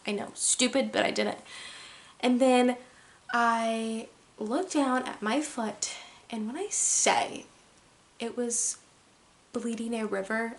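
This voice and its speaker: A young woman with a slightly high voice recounts a story for her vlog. She talks casually and animatedly, peppering every sentence with "like" and leaning into the drama. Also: slow, long pauses. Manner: chatty, heavy use of "like". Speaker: vlogger.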